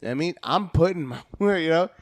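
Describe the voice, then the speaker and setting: A man's voice: a little high, animated, brisk. A man on a podcast, a comedian chatting casually, hyperactive, cursing a lot and acting out phone calls in different voices.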